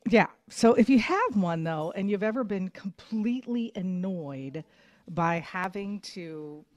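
Upbeat chatty woman on the radio, mid pitch, dry close sound. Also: expressive, measured pace, no echo. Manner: chatty and upbeat, many fillers. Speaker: radio co-host. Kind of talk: casual on-air chat. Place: radio studio.

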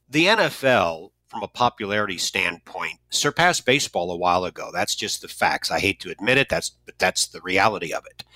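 A man's voice: on the low side, poor audio. A man in his sixties from St. Louis, hosting a radio talk show in a casual, rambling way with frequent restarts and asides. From St. Louis, USA.

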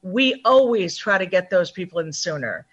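A woman's voice: fairly low pitch, normal speed, husky. Chatty upbeat woman on a dull line. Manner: upbeat, quotes other people in lively voices. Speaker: guest numerologist. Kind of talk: phone-in interview, animated and chatty.

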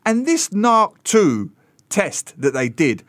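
A man chats on a radio show with an expressive, swooping delivery that sits a little high. He tells the story with indignation and throws in joking asides. The studio sound is close and dry. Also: takes it slowly, no echo. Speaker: radio co-host, author. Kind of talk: casual radio chat. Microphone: studio mic.

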